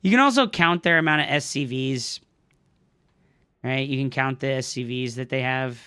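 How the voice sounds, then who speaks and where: A young man streaming a strategy game live, commenting on his play with excitable, profane outbursts and talking to his chat. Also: mid-range voice, normal speed, clear, resonant tone. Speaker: streamer and coach.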